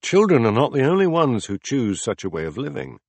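A man voicing a patient philosopher who explains ideas step by step in a measured, deliberate audiobook reading. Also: medium pitch, sing-song, darkish tone, slightly rough, dry recording. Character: calm, patient male teacher explaining ideas. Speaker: philosopher in a dialogue.

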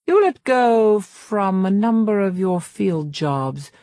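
A woman voicing a gravely injured woman psychologist, wheezing and delirious, in an audiobook. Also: medium pitch, animated, slow pace, mellow, no room sound, clean studio sound. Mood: probing. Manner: probing, clinical questioning.

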